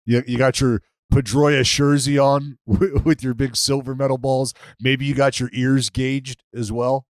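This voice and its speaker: A man's voice: medium pitch, little pitch movement, a little slow, hardly any pauses, no room sound. A man co-hosting a casual podcast chat, laughing often and swearing casually. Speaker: podcast co-host.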